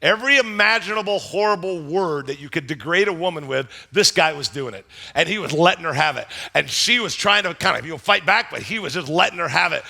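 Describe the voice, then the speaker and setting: Brisk and barely pausing, this middle-aged pastor acts out scenes and voices as he weaves stories into his sermon. He sits on the high side, with vocal fry.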